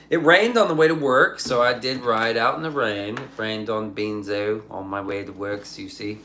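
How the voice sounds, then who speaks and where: A man's voice: fairly low pitch, normal speed, few pauses, sharp tone, a little hiss or hum. A young adult man rambling profanely in casual livestream chat, reading his chat aloud. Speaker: streamer.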